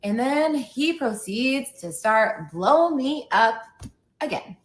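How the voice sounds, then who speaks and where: A woman's voice: sits high, lively intonation, takes it slowly, roomy sound. A woman podcast host candidly retelling a personal story and acting out the quoted dialogue.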